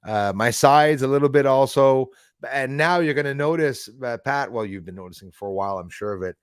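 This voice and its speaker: A man with a mid-range, clear, resonant voice talks a little fast, recorded with clean studio sound and no echo. He's hosting a casual live stream, chatting with viewers by name and swearing casually.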